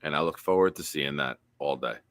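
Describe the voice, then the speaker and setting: A man with a low voice hosts a casual sports live stream. He has a bright, forceful tone and reads chat comments aloud in an animated way. The sound is dry and close. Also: fairly quick, clear, resonant tone, dry recording.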